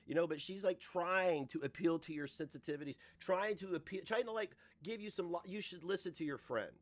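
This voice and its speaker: A man's voice: sits high, fairly quick. A man hosting a reaction show, ranting and joking with lots of cursing and frequent laughter. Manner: profane, laughs often, animated. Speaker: host.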